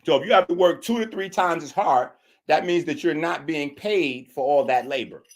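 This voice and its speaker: A man's voice: a little high, normal speed. A man hosting a show, giving a mocking, preachy commentary on a clip he has just played. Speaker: show host.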